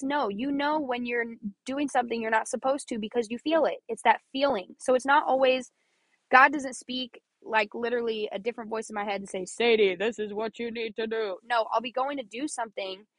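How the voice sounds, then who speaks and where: A woman's voice: fairly high pitch, moderate pace, fairly bright tone, dry recording. A young woman from Missouri hosting a podcast, talking earnestly and chattily about faith, often repeating herself and laughing. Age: young adult. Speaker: podcast host. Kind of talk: personal faith talk.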